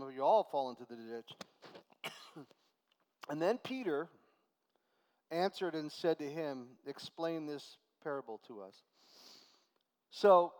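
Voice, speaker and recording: A man's voice: a little high, clear, resonant tone. Man, pastor, verse-by-verse sermon, conversational, emphatic swells, long hall echo. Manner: conversational preaching, slow deliberate scripture reading, swells to emphatic.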